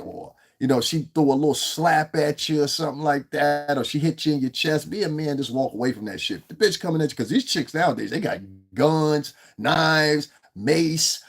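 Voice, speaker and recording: Cursing, rambling New man. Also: on the high side. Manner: profane, rambling, animated. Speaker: livestream host. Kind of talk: livestream commentary.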